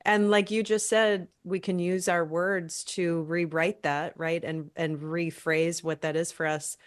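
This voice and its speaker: A woman's voice: lowish voice, level tone, unhurried. Earnest woman podcast host, coaching. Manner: earnest, encouraging. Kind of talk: reflective conversational coaching.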